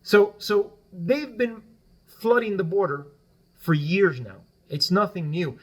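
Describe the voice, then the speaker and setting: On a casual political podcast, a guest whose native tongue is Spanish talks slowly through his arguments in a notably high voice. He explains at length and keeps ending points with "right?".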